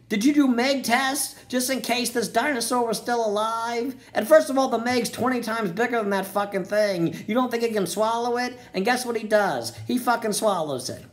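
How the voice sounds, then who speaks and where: A man's voice: extremely high pitch, moderate pace, few pauses. A man giving a profane comedic movie review, ranting sarcastically and slipping into jokey voices. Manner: crude, sarcastic rants with jokey put-on voices.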